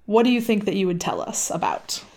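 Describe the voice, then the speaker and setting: A woman hosting a casual conversation, reacting quickly with blunt, joking remarks. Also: mid-range voice, a little mellow. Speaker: podcast host.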